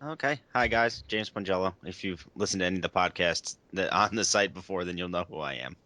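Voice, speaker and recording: A man's voice: deep voice, a little fast, pushed and bright, dry recording. A man chatting on a podcast panel, making dry, wry remarks. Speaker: podcast co-host. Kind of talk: casual group chat.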